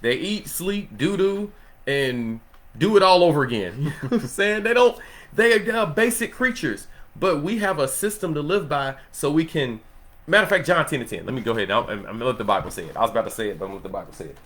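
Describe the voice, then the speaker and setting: A man in a relaxed Bible study who teaches the scripture in a loose, conversational way, laughing often and checking in with his listeners. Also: fairly high pitch, quick pace. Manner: loose and conversational, laughs often, asks "you know what I'm saying?".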